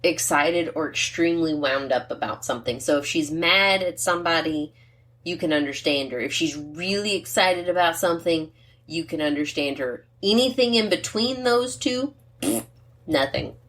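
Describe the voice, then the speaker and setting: A woman's voice: deep voice, normal speed, a bit bright. A middle-aged woman co-hosting a podcast, chatting casually over wine, rambling off on tangents and laughing at her own jokes. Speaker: podcast co-host.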